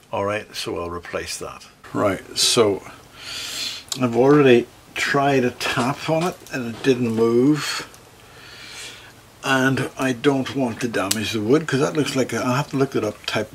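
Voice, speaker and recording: A man's voice: medium pitch, unhurried, slight background noise. A Northern Irish man, a luthier, talking through a guitar repair as he works, thinking aloud and correcting himself mid-sentence. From Northern Ireland. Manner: thinks aloud while working, self-correcting.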